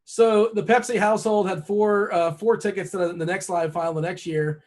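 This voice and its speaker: A man's voice: high-pitched, steady tone, normal speed, darkish tone. A man hosting a casual interview, asking questions and teasing his guest with jokes. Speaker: podcast host.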